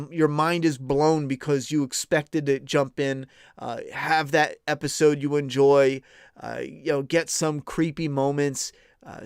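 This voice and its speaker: A man's voice: fairly high pitch, darkish tone, clean tone, dry recording, studio quality. Blunt, profane man chatting casually. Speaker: podcast host. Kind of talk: casual live-stream chat.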